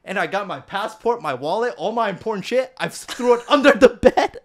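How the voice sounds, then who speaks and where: A young man appears as a guest on a casual podcast, telling a dating story in a high-pitched, fairly quick voice. He's emphatic and animated, laughing a lot and checking in with "okay?" and "right?"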